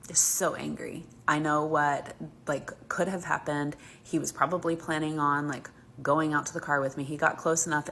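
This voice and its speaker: With a low, gravelly voice that's a bit bright, an Alabama mother tells a casual story about her kids. She's heated and emphatic and uses "like" a lot. A little hiss or hum sits under the recording.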